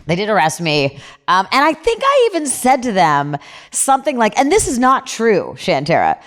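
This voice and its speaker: A woman host talks bluntly and swears freely as she tells stories. Her pitch swoops widely, giving her speech a lively, animated feel. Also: moderate pace. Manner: blunt, profane, animated storyteller. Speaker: podcast host. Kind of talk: casual chat and storytelling.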